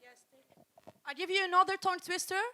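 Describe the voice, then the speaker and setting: A woman hosting a school reading event, explaining the rules of a tongue-twister game to students and saying each twister slowly and carefully. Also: very high-pitched, fairly even intonation, sharp tone.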